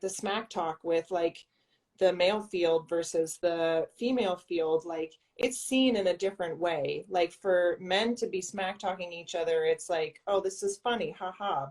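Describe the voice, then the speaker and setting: A triathlete guest with a somewhat low voice chats on a podcast. They speak thoughtfully, pausing and restarting as they work through each idea. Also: female voice, a little mellow. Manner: thoughtful, hesitant, with restarts and fillers. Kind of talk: casual interview chat.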